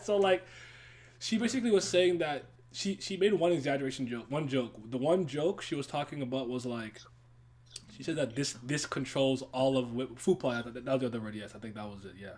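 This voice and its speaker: A man's voice: medium pitch, fairly quick, a little mellow. A man hosting a casual podcast chat, telling a rambling story and breaking into laughter often. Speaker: podcast host.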